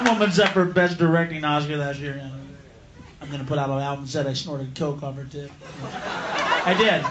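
A man doing a profane, rowdy live stand-up routine, yelling his punchlines. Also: a little high, a little fast, dull audio, heavy background noise. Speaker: stand-up comedian. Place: comedy club stage. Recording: echoey live club, loud crowd.

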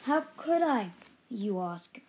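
A woman's voice: a little high, moderate pace, a little mellow, slight background noise, lightly acted. A woman voicing a boisterous, homesick father hyena in a storybook reading, speaking emphatically. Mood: boastful.

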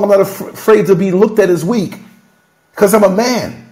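A man hosting a candid podcast, his voice sitting a little higher than most men's. He tells stories emphatically and emotionally, one thought tumbling into the next. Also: expressive, brisk, a little mellow. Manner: emphatic, emotional, freewheeling storytelling. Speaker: podcast host.

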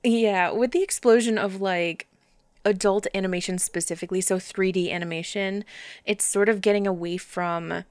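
A young woman as a podcast guest, chatting in a relaxed, easygoing way and laughing often. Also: mid-range voice, moderate pace, smooth, no echo. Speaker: podcast guest, aspiring voice actor. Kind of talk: casual chat.

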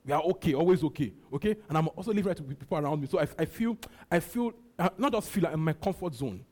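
A Nigerian man preaches in a mellow, slightly husky voice. He repeats short lines again and again and drops in hallelujahs between them. He talks like a pastor speaking straight to his church. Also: a little high, expressive, quick pace. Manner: repetitive preaching with frequent hallelujahs. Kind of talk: sermon.

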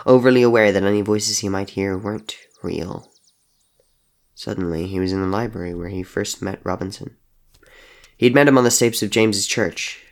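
A man narrating an audio drama in a measured storytelling voice. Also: deep voice, creaky.

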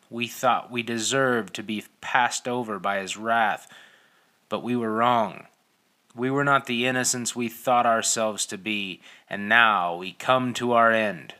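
A man voicing a wild old prophet, slow and loud. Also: mid-range voice. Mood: fervent. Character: wild old male prophet, fervent and commanding.

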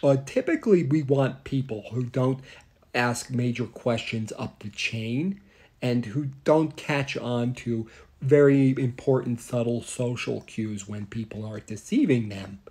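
A man putting on a rambling older male astronaut who talks slowly and keeps repeating words. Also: medium pitch, a little mellow, breathy edge. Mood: smug. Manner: slow, halting, repeats words.

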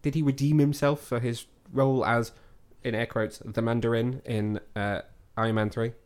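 A man's voice: mid-range voice, flat delivery, normal speed, darkish tone, clean tone. A man hosting a casual film review chat, rambling a little and asking his co-host questions. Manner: rambling, many restarts, asks questions. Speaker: podcast host.

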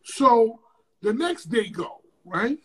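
High, husky man telling a wild story. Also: slow. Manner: profane, animated storyteller with sudden loud bursts. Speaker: interview guest. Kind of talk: casual storytelling.

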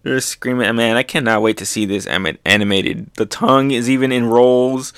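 A young man excitedly reacting to a comic chapter, laughing often and making sound effects. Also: medium pitch, normal speed, few pauses, clear, resonant tone, no room sound, studio quality.

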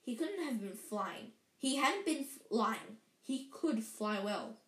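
A woman's voice: fairly high pitch, takes it slowly. Woman reading a story aloud, roomy echo. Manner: lively, with frequent slips and restarts. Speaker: reader. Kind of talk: reading a children's book aloud.

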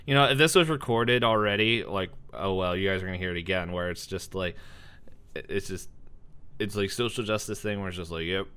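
A man's voice: low-pitched, brisk, pushed and bright, smooth. A young man hosting a casual podcast chat, rambling with lots of fillers and frequent laughs. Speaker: podcast host.

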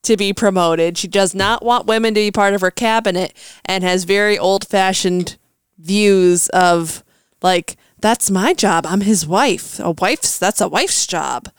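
A woman's voice: mid-range voice, measured pace, clean tone, no echo, clean studio sound. A woman co-hosting a podcast, chatting casually and musing aloud as she searches for words. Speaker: podcast co-host. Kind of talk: casual chat.

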